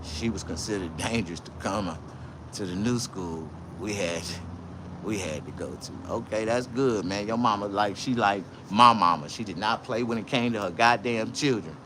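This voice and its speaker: A man telling stories in a casual livestream, loud, profane and boisterous. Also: lowish voice, moderate pace, background noise. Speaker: vlogger.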